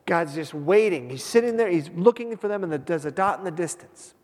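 High-voiced male pastor in a reverberant hall. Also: lively intonation, a little mellow. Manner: retells a scripture story with dramatic pauses and emphasis. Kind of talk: sermon.

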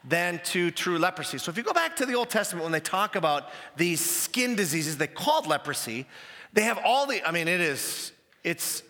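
An animated male pastor preaches in a high voice, leaning on emphatic repetition of his key phrases. His tone is bright and forceful, and the sermon rings out in a large, reverberant hall.

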